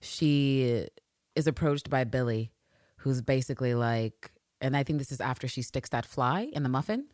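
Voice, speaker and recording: A woman with a notably deep voice recaps a TV episode on a podcast. She talks in a brash, profane, lively way, full of asides. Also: normal speed. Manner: brash, profane, animated retelling. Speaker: podcast co-host. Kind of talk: casual TV recap chat.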